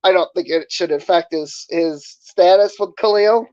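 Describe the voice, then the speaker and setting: A man's voice: sits high, normal speed, a little mellow, dry recording, lo-fi sound. A man streaming, ranting casually to his chat in a sarcastic, profane, rambling way. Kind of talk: casual livestream rant to chat.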